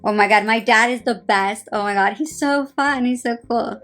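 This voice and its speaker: A woman's voice: fairly high pitch, moderate pace, a bit bright. New Jersey woman, 30s, tired and sarcastic, rambling phone-live chat with faint background music. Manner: rambling, heavy "like" fillers, sarcastic. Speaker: reality TV personality on a live stream. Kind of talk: casual live-stream chat.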